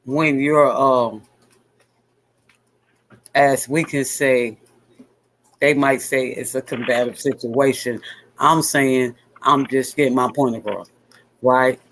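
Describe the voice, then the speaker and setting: Slow, emphatic woman host speaking bluntly. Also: rumbling low, steady tone, slight background noise. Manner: blunt, emphatic, repeats points for stress. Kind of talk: casual chat.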